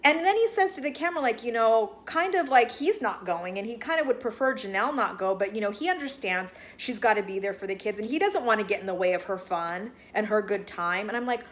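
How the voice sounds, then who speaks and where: Woman host, slightly high voice, rambling casual TV recap, exasperated asides. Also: animated, a little fast, few pauses. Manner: chatty, heavy use of "like", exasperated asides. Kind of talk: casual reaction commentary.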